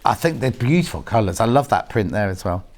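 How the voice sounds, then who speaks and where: A man hosting a live shopping channel, chatty and jokey and quick to laugh. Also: lowish voice, sing-song, darkish tone.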